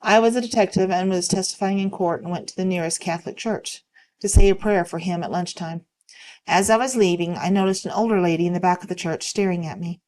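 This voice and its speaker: A woman reading online stories aloud in a calm, steady way. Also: lowish voice, a little fast. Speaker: narrator reading online posts.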